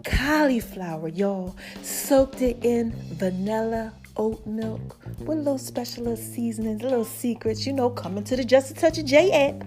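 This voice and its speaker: Chatty high-voiced woman podcast host. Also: moderate pace, faint music behind. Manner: animated, chatty, calls listeners y'all and baby. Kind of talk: casual podcast monologue.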